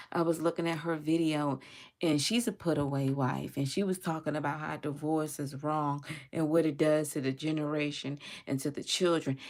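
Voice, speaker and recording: Woman, low gravelly voice, earnest rambling vlog monologue with faith talk. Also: darkish tone. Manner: earnest, rambling, with many fillers and restarts; religious phrasing. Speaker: vlogger. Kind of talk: casual heartfelt monologue.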